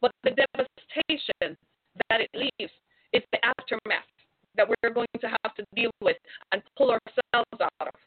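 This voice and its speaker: Middle-aged woman host preaching on air. She has a high, husky voice with a dry, tinny phone-line sound. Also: moderate pace, no echo. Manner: fervent, preaching, swings from loud to hushed. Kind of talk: radio sermon.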